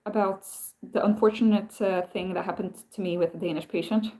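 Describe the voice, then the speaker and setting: Warm and mid-range, this woman's voice carries a casual live-stream chat in which she replies to viewer comments. Her storytelling rambles, full of self-interruptions and many restarts.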